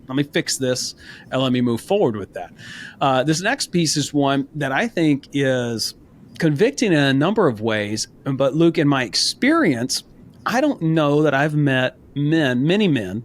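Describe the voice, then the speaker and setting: This podcast co-host speaks in a mid-range voice over a faint hiss or hum. On a relaxed men's faith show, he shares personal stories in an encouraging, heartfelt way.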